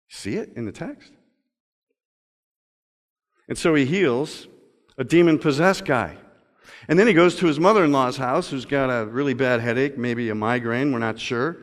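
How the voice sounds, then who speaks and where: A male pastor delivering a sermon, moving between loud emphatic stretches and slow, quiet reading. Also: medium pitch, lively intonation. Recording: long reverb of a large hall.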